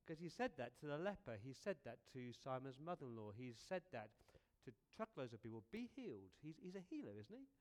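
A man preaching a sermon as a lively, conversational story, often repeating words and asking rhetorical questions. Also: medium pitch, fast talker, hardly any pauses.

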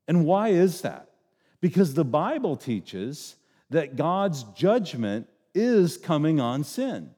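A middle-aged man preaches a sermon in a loose, joking way and slips into little acted voices. His voice is slightly high yet mellow. Long reverb from the sanctuary hangs on each phrase. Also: sing-song, takes it slowly. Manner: conversational, joking, acts out voices. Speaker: pastor.

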